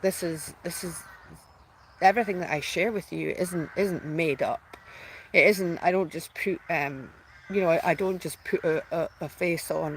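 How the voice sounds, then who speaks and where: A woman's voice: fairly low pitch, gravelly, a little hiss or hum, poor audio. A woman hosting her own spiritual channel, talking in a heartfelt, rambling way full of restarts and fillers, close to tears at times. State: tearful at times. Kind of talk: emotional personal announcement.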